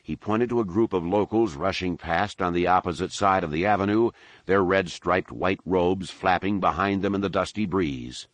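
A man narrating an audiobook in a lively, expressive storytelling manner. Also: low-pitched, moderate pace, no echo.

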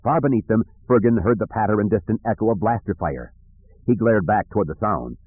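A man narrating an audiobook in a measured, even storytelling manner. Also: lowish voice, slightly rough, no room sound. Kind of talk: scripted narration. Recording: dry tinny phone-like recording.

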